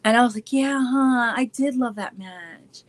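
A woman's voice: on the high side, unhurried. A woman hosting a casual live-stream chat with viewers, bubbly and giggly, breaking off to coo at her dogs. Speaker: show host chatting with viewers.

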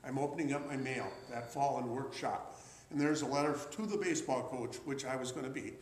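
A memorabilia collector in his sixties gives a talk, telling an audience rambling, chatty anecdotes with restarts and uh's. His voice is mid-range and fairly quick. The sound is roomy and the audio poor.

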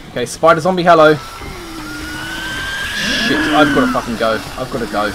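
A man's voice: mid-range voice, expressive, moderate pace, pauses often, background noise. A man playing a survival game, talking to himself and swearing constantly as he panics. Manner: swears a lot, talks to himself while playing. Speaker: gameplay streamer.

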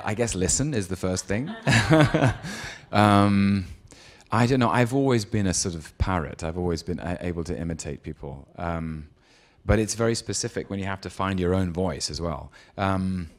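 A man's voice: deep voice, measured pace. A man answering interview questions in a hesitant, thoughtful way, with frequent ums and laughs. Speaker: guest. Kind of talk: casual interview chat.

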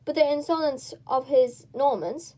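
Woman reading: stuffy little mouse lecturer, pitched up, pompous. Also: measured pace, warm tone. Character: fussy, self-important male mouse lecturer.

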